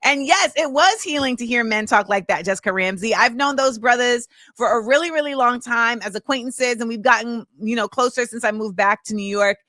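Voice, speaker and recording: Chatty woman host, bright and dry. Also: on the high side, fairly quick, few pauses, no room sound. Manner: chatty, rambling with many fillers. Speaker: podcast host. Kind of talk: casual chat.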